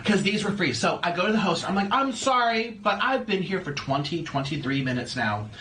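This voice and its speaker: A man talking casually to camera as a YouTuber, animated and playful, slipping into silly rhymes and sing-song repeats. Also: high voice, normal speed, a little hiss or hum.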